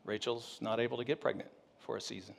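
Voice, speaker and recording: A pastor telling a story in a humorous sermon, animated and joking with his audience. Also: mid-range voice, fast, gravelly, big-room sound.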